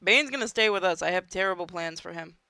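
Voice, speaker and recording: A gaming host giving casual, chatty commentary while playing, drifting from quiet mutters to sudden shouts. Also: mid-range voice, fast, creaky, clear, resonant tone, dry recording.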